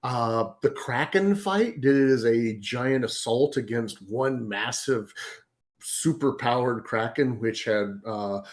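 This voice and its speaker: A man in casual interview chat, explaining game design with enthusiastic, animated storytelling and some hesitations. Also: mid-range voice, slow. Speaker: guest, game author and designer.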